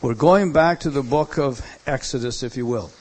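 A male pastor preaching a sermon, stressing points and swinging between loud emphasis and quiet, hushed lines. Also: mid-range voice, normal speed, slightly rough.

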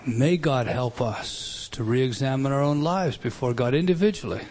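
A man preaching a sermon, emphatic, with loud bursts, quiet asides and many rhetorical questions. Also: medium pitch, normal speed, a little hiss or hum.

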